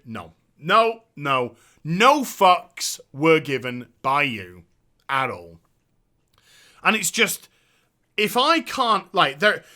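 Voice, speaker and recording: A man's voice: fairly high pitch, pushed and bright. A man hosting his own show, delivering a profane, sarcastic, exasperated rant about a video game. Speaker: host. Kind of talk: ranting game review.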